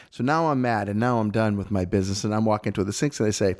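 A man, co-hosting a podcast and telling a story in an animated, playful way. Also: mid-range voice, fast, hardly any pauses. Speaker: podcast co-host. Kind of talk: casual storytelling chat.

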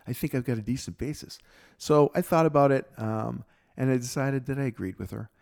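A middle-aged man co-hosting a podcast, telling a personal story in a casual, reflective way and lively when quoting others. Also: mid-range voice, brisk, gravelly. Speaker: podcast co-host.

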